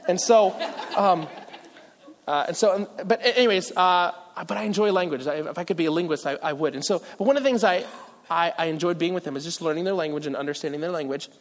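A man from Virginia preaching a sermon as pastor, animated and self-deprecating, with asides and restarts. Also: fairly high pitch, fast talker, a faint crowd. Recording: long hall reverb.

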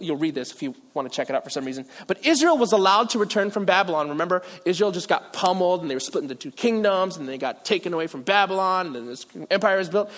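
A man's voice: on the high side, fairly bright tone. A male pastor preaching a sermon in a casual, joking way, with self-deprecating asides. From Philippines. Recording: long reverb of a large hall.

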